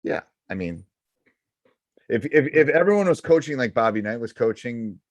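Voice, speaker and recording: A man's voice: medium pitch, very animated, normal speed, no echo. A middle-aged man, a basketball coach hosting a podcast, giving casual advice in an emphatic, repetitive way. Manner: emphatic and repetitive, hammering points home.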